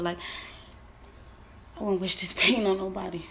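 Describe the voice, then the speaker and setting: Woman, 20s, grieving mother, live stream, nervous, halting, filler words, middle pitch, light hiss. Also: steady tone, creaky, fairly bright tone. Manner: halting, filler-heavy, repeats herself. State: nervous and shaky. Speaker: grieving mother telling her story.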